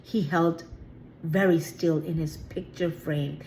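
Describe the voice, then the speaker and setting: Slow read-aloud storyteller woman. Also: sits low, fairly even intonation, darkish tone, a little hiss or hum, low-quality recording. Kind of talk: reading a chapter book aloud.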